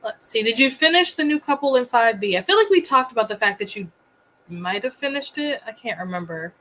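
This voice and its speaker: A woman hosting a casual livestream, chatty and quick to laugh as she greets viewers. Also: fairly high pitch, lively intonation, a bit bright, low-quality recording. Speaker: livestream host.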